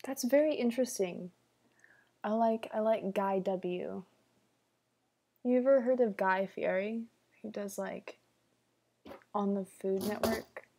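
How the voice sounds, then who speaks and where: A young woman chats slowly and easily through a livestream Q&A, her voice mellow and soft-edged. She jokes with viewers and keeps slipping into quiet, whispered asides, talking into a computer mic. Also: mid-range voice. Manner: playful, jokey, drops into whispered asides. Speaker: livestream host. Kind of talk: casual Q&A livestream chat.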